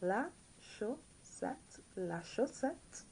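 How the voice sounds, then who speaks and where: A woman from the Caribbean teaching a recorded French lesson, repeating each word slowly and now and then correcting herself. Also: medium pitch, expressive, creaky, a little mellow, slight background noise, low-quality recording. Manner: slow, repeats each word several times.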